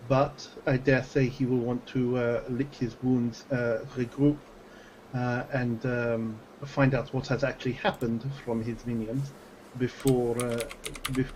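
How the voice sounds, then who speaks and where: A man playing in a tabletop game, talking slowly and carefully with many hesitations. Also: mid-range voice, darkish tone, slight background noise, rough recording. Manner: hesitant, full of ums and long careful sentences. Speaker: player. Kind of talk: tabletop game role-play chat.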